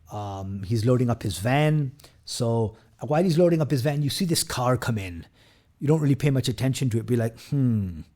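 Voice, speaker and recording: A man's voice: mid-range voice, darkish tone. A man hosting a casual film review who retells scenes at length, with frequent fillers, restarts and quoted lines from the characters.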